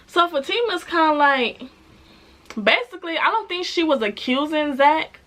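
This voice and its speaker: Bright-voiced chatty woman recapping a show. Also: high voice, moderate pace. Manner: chatty and animated, with laughs and acted-out quotes. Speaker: TV show reviewer. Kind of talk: casual recap vlog.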